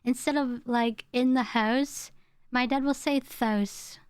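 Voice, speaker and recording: A woman's voice: on the high side, steady tone, slow, clean tone, dry recording, clean studio sound. A young woman, chatting casually with her stream chat, rambling and laughing as she goes. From England.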